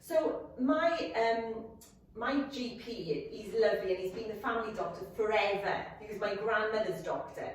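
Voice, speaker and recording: A woman's voice: medium pitch, normal speed, recorded from a distance, a little hiss or hum. Candid woman in an echoey room. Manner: storytelling, candid, laughs easily. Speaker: wellness chat co-host. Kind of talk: casual live wellness chat.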